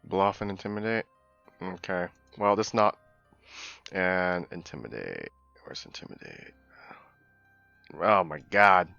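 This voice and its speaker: Slow, stammering male player, bright lively voice. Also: low-pitched, creaky, lo-fi sound, soft background music. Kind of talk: casual tabletop play.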